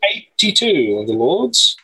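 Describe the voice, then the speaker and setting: A man hosting a music podcast episode, chatting in a relaxed way with some fillers. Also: high-pitched, a little slow, slightly rough, rough recording. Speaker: podcast host. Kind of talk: casual music chat.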